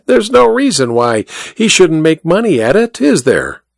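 A man's voice: a little high, big pitch swings, measured pace, creaky, no echo, studio quality, voice pushed up, exaggerated voice. A man voicing a sly little male druggist who mocks his customer with chuckles and smug teasing.

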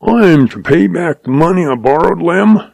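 A shrewd old cowboy drawls along in a calm, folksy way, amused at everyone else, as a man puts him on. The voice sits well above the reader's own and keeps a gravelly edge. The sound is dry and close. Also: fairly high pitch, normal speed, no room sound, pitched above the performer's own voice. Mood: sly calm. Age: older.

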